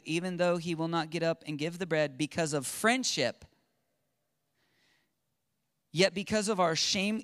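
A man preaching a sermon in an animated way, acting out quotes and swinging from loud to hushed. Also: fairly high pitch, no room sound, studio quality. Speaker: pastor.

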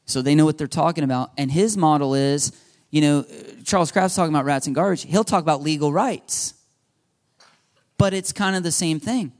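A man preaching a sermon as pastor, lively and animated, acting out the voices he quotes. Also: a little high, normal speed.

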